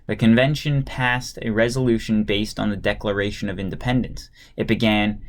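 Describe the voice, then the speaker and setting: A man reading a history textbook aloud at a steady pace, stopping now and then for a casual aside and sometimes stumbling and restarting a word. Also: fairly low pitch, normal speed, hardly any pauses.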